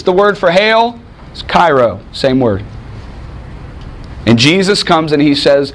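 A man preaching a sermon, dramatic, swinging from loud bursts to hushed lines and acting out quotes in voices. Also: fairly high pitch, fairly quick, a little hiss or hum. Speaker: pastor.

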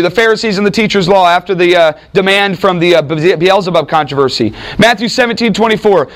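A man preaching in a conversational Bible teaching, talking with his listeners and acting out quoted speakers with lively emphasis. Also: high voice, fairly quick. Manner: animated, acts out quoted speakers, frequent restarts. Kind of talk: conversational sermon with audience interaction.

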